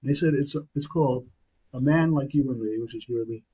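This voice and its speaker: Husky-voiced New York man in his 60s. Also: mid-range voice, brisk, poor audio. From Brooklyn, New York. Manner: animated anecdotal storyteller, tag questions like "okay?". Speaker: podcast guest, author. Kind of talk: personal storytelling.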